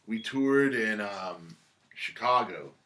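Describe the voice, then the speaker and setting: A man's voice: lowish voice, expressive, takes it slowly, bright, forceful tone. A man telling stories in a casual interview, laid-back, swearing freely and acting out what others said. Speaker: musician guest. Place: record shop.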